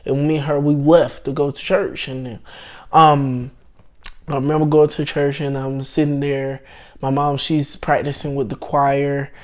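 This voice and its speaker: A young man telling a personal faith story in a casual storytime, hesitant and full of restarts, swinging between hushed and excited. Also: medium pitch, unhurried. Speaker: channel host telling his testimony.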